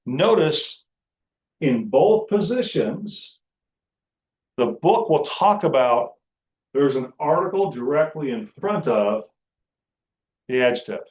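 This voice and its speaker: A man teaching a Greek grammar class, talking in a halting way with many fillers and restarts. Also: medium pitch, a little mellow, echoey room, poor audio. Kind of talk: classroom lecture.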